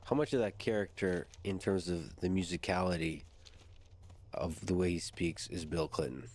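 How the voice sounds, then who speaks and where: Very deep-voiced male interviewer. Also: normal speed, a little mellow. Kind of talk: conversational interview questions.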